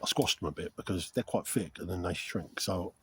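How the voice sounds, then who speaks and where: Speaking a little fast in a low voice, a middle-aged wild camper rambles casually and openly to his camera while camping in a frosty wood. A slight background noise accompanies the recording.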